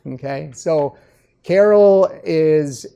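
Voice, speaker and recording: A dentist being interviewed, telling patient stories in a casual way and often checking in with "okay?". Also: male voice, a little high, drawn-out words, creaky, mellow. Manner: storytelling, keeps adding "okay?". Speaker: dentist guest. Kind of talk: conversational interview.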